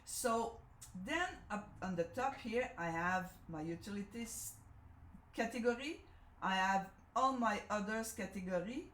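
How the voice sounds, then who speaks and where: A French-speaking Canadian woman gives a live demonstration of a sewing machine, chatting away, correcting herself, and often checking "okay?" in her French-accented English. Her mid-range voice is a bit bright and measured in pace, heard in an echoey room with slight background noise.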